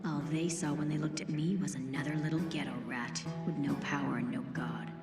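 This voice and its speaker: An actress voicing a foul-mouthed, cynical young female gunslinger in an anime dub, rough and profane. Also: deep voice, fairly even intonation, a little fast, close to an everyday voice. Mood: bitter. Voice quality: gravelly, profane, tough. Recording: echoey clip, distant, music behind.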